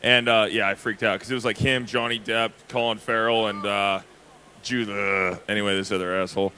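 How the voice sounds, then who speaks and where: A man's voice: on the low side, flat delivery, a little fast, sharp tone, a little hiss or hum. A man on a convention panel, chatting in a loose, rambling way and swearing casually. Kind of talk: casual chat.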